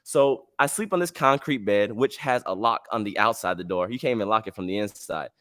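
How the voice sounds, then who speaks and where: This American man hosts a podcast, recounting a travel story in laid-back slang and performing the dialogue himself. His voice sits on the low side and is a touch bright, his pace fairly quick, with no echo.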